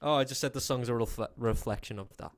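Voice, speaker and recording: A man's voice: medium pitch, fast, dry recording, clean studio sound. A young man from Liverpool with a Scouse accent, a guest singer chatting easygoingly in a radio interview, rambling with fillers. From Liverpool, England.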